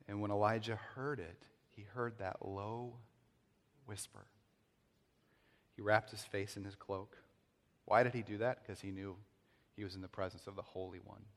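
A man with a low voice delivers a sermon that ringingly echoes through a large reverberant space. He acts out scripture passages with loud, pleading outbursts. Then he drops to a hushed, reverent tone. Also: steady tone, normal speed, long pauses. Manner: dramatic, swings from loud acted pleading to hushed reverent tones. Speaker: pastor. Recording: long hall reverb.

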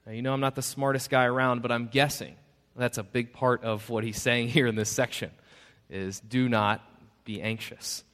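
A man's voice: medium pitch, steady tone, normal speed, a bit bright. A man preaching a sermon as pastor, conversational and self-deprecating, acting out the voices he quotes. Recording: long reverb of a church hall.

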